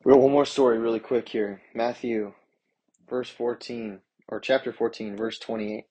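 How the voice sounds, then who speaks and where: A man's voice: medium pitch, steady tone, moderate pace, mellow, husky, muffled recording. A man preaching a sermon, reading scripture aloud and then explaining it in an earnest, plain way. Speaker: pastor.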